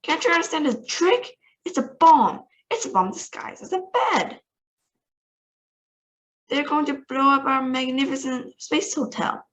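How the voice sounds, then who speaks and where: A woman reading aloud, voicing a gruff male president with a deep, raspy put-on voice who barks impatiently. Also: animated, a little slow, a bit bright, low-quality recording. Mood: barking. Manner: barking, impatient.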